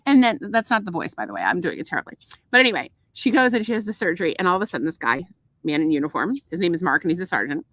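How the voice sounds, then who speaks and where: A middle-aged woman co-hosting a podcast, telling stories in an animated, profane, casual way. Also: fairly low pitch, very fast, no echo. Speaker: podcast co-host. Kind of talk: casual chat.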